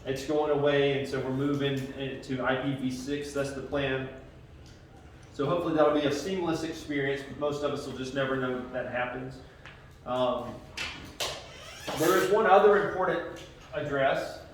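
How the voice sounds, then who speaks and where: A man's voice: mid-range voice, normal speed, a little hiss or hum. A male computer science teacher giving a casual, conversational classroom lecture with many fillers. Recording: echoey classroom from far off.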